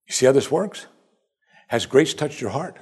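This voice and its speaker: A man preaching a sermon in a voice of ordinary middle pitch. He presses his points with rhetorical questions. He pushes up to loud, high emphasis, then drops to hushed, low passages. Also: lively intonation, normal speed, slightly rough. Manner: rising to emphatic peaks, then dropping to soft and quiet; asks the congregation repeated rhetorical questions. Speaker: pastor.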